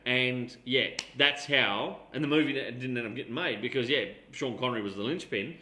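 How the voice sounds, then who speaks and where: A man's voice: mid-range voice, brisk, sharp tone, roomy sound. An Australian man co-hosting a casual chat show, rambling through anecdotes and swearing freely. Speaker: podcast co-host.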